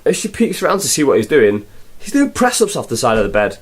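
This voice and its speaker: A man's voice: mid-range voice, wildly swooping pitch, quick pace. A young man reviewing a film in a rambling, sarcastic, casual way. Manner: rambling, sarcastic, full of fillers.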